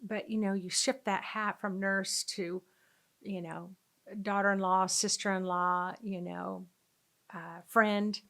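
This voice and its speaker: A middle-aged woman speaks earnestly and conversationally, recounting a personal story as a spiritual teacher. Her pitch sits in an ordinary middle range, and she often pauses on fillers as she gathers her thoughts. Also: little pitch movement, a bit bright.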